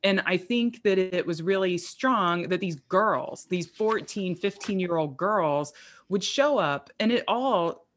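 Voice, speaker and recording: A woman co-hosting a true-crime podcast, talking in a thoughtful, measured way. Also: fairly low pitch, animated. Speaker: podcast co-host producer. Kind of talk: conversational true-crime discussion.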